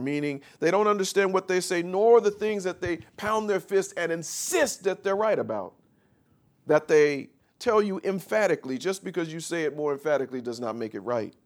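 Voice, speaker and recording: A man preaching a sermon, reading scripture slowly and explaining it, calling out questions for the congregation to answer. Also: animated. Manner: call-and-response with the congregation; reads scripture slowly then explains, rising louder and higher.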